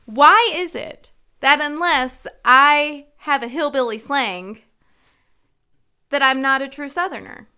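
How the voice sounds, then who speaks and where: A woman in her thirties from North Carolina, co-hosting a chat podcast and ranting in an animated, laughing way. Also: high voice, slow pace. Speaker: podcast co-host. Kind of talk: casual chat.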